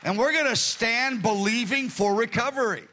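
A man's voice: normal speed, bright, forceful tone, a faint crowd. A man in his sixties preaching a sermon to his congregation, earnest and conversational, with a voice that tends toward strain. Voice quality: voice prone to strain. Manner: earnest, conversational preaching with sudden rises in pitch. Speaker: pastor.

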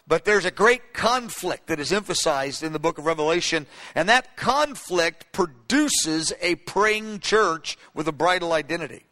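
A male preacher with a high, bright, forceful voice teaches from his notes. He speaks emphatically and builds to fervent, repeated cries. His voice rings with the long reverb of a large hall.

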